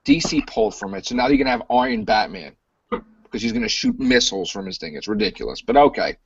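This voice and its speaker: A man hosting a casual podcast chat, animated and joking, with a gravelly voice. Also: fast talker, no room sound, dull audio. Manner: animated, jokey, slips into goofy high voices. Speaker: podcast host.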